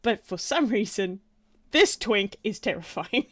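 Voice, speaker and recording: A woman running a tabletop game as game master, talking haltingly with many fillers and laughs. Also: mid-range voice, animated, fairly bright tone, no echo, clean studio sound.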